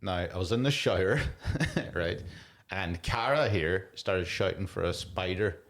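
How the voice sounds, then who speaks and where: Bloke chatting on a podcast, kinda low voice, rambly and self-mocking, keeps laughing. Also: male voice, lively intonation, unhurried. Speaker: podcast co-host. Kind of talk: casual chat, storytelling.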